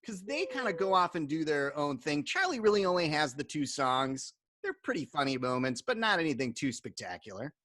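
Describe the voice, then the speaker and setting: Guy recapping a tv episode w his cohost, lively voice, laughs a lot, dry close sound. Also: on the high side, fairly quick, hardly any pauses, no room sound. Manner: laughs often, swears casually. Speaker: podcast co-host. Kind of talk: casual chat.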